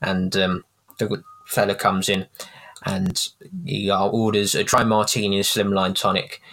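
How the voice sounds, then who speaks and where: A man hosting a podcast, recapping a TV episode in a loose, chatty way. His voice sits on the low side, and he stumbles through with plenty of ums as he acts out scenes. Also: unhurried. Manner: animated retelling with many ums, often laughing. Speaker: podcast host. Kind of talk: casual chat recapping a TV episode.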